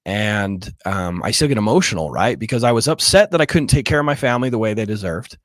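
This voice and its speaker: A man's voice: fairly low pitch, expressive, fast, dry recording, clean studio sound. A man telling his personal story as a podcast guest, earnest and casual, at times choked up, saying "dude" and "like". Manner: earnest, gets choked up, slangy. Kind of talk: emotional interview storytelling.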